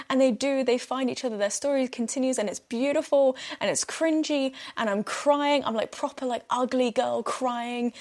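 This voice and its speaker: A young woman hosting a solo podcast, chatting casually and often breaking into giggles. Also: on the high side. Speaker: podcast host.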